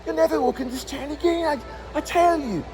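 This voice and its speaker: A man imitating a furious film star who yells at a crew member, in a high, strained voice. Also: fairly quick, noisy background. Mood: angry scolding. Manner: yelling, scolding. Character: angry shouting male film star.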